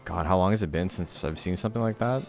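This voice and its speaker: A man's voice: sits low, fast, vocal fry, soft background music. A young man streaming a game, ranting sarcastically in casual chat, swearing and laughing often.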